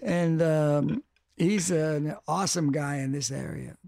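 Older man in casual interview, fairly high voice, halting with repeated words that speed into animated bursts. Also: gravelly. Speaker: music executive guest.

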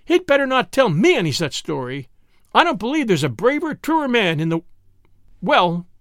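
Male reader playing a fiery young sweetheart, high-strung, voice pushed up high, eager bursts of speech, dry close sound. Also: big pitch swings, moderate pace, a bit bright, dry recording, heavily acted. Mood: indignant. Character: spirited young woman, excitable and in love.

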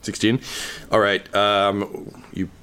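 A man narrating a tabletop game as game master, relaxed and full of ums. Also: lowish voice, takes it slowly, background noise. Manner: relaxed, many ums and uhs.

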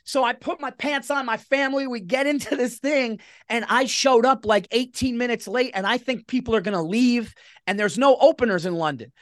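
A middle-aged man, a comedian guest telling stories in a rambling, animated way. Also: very high-pitched, brisk, no room sound, clean studio sound. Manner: animated, rambling, self-interrupting. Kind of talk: casual interview storytelling.

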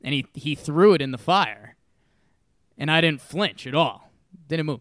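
Young guy on a sports podcast, kinda high smooth voice, animated storyteller, cusses a lot. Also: unhurried, dry recording, studio quality. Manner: animated storyteller, swears freely. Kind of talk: casual sports chat.

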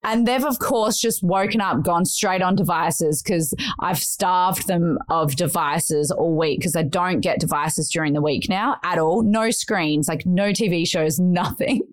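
A woman in her thirties co-hosting a podcast, chatting casually and telling a lively story that acts out the quotes. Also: on the low side, a little slow, hardly any pauses. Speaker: podcast co-host. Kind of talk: casual chat.

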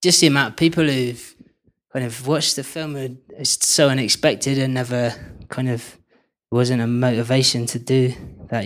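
Flat-voiced man telling stories on stage. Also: medium pitch. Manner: loose and rambling, laughs often. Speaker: filmmaker guest on stage. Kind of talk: live on-stage storytelling. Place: live event stage.

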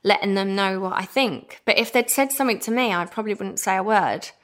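A woman in her thirties from England, candidly telling a personal story as a podcast guest, animated and acting out what people said. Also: medium pitch, a little fast. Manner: animated, laughs often, acts out quoted speech.

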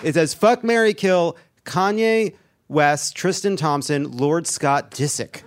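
A man's voice: a little high, slow pace, clear, resonant tone. A man hosting a comedic live podcast, mock-outraged and laughing often. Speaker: host. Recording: live show with audience and noise.

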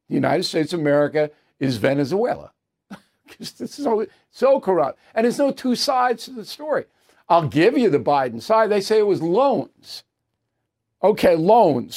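Male host, indignant opinion commentary, sarcastic, fairly high-pitched, studio. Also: a little mellow. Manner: indignant, sarcastic, scoffing laughs. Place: studio with earpiece to producers.

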